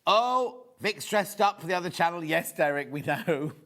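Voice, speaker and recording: Lively chatty man presenting. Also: fairly high pitch, moderate pace. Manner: chatty, gossipy, enthusiastic. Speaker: shopping channel presenter. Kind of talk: live TV selling chat. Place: TV studio.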